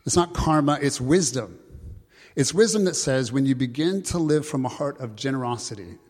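A man preaching a sermon in an earnest, conversational way, slowing down to read scripture aloud. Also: medium pitch, lively intonation, a little mellow. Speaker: pastor. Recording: long hall reverb.

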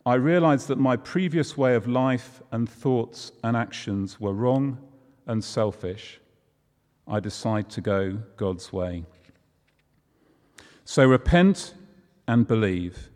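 A man preaches in a relaxed, conversational way, leaning on props and homely examples. His voice sits at an ordinary middle pitch. It rings with the long reverb of a church hall. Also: slow, pauses often. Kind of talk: sermon.

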